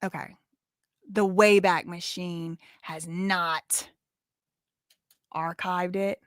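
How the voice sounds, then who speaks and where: A woman's voice: fairly low pitch, steady tone, extremely slow, no echo, clean studio sound. A woman hosting a livestream, answering chat questions in a sassy, blunt, casual way. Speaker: livestream host.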